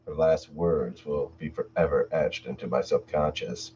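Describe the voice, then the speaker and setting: Deep-voiced man reading horror stories. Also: fairly even intonation, normal speed, a little mellow, a little hiss or hum. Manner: chats casually with viewers between stories. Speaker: channel host and story narrator. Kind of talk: reading horror stories aloud on a live stream. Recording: distant mic, dull lo-fi sound.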